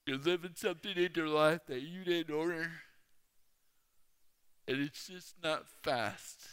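A man preaching a sermon, telling a personal story slowly and with emphasis. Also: on the high side, a bit bright, smooth. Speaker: speaker. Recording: reverberant hall.

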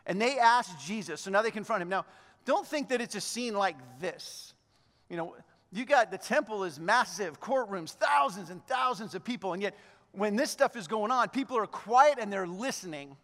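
Pastor, male, high voice, lively sermon delivery with acted-out quotes, long reverb of a hall. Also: normal speed. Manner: animated, acts out the Bible figures' lines; hushed, low voice in prayer.

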